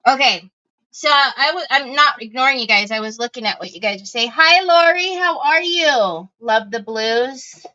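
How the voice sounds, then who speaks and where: A woman's voice: sits high, lively intonation, moderate pace, pushed and bright, highs cut off. A woman hosting a casual craft livestream, chatting with viewers as she works and thinking aloud.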